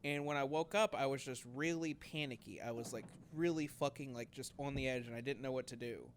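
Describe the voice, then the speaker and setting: A man's voice: mid-range voice, brisk, a little hiss or hum. A young man telling a story in casual podcast chat, rambling with many fillers and acting out quotes. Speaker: podcast co-host.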